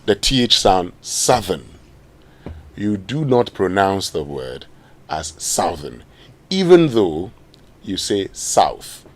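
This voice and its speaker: A man with a Ghanaian English accent co-hosting a morning radio talk show, arguing emphatically and spelling words out slowly for a pronunciation segment. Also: deep voice, sing-song. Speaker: radio co-host.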